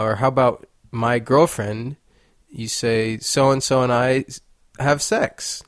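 A man's voice: medium pitch, gravelly, no echo, studio quality. A young man hosting his own podcast, talking in a playful, rambling, joking way. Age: young adult. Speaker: podcast host. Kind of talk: casual monologue.

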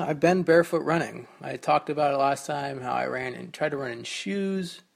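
Creaky-voiced man rambling on a podcast. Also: a little high. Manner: rambling, joking, self-mocking. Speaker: podcast host. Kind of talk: casual solo podcast monologue.

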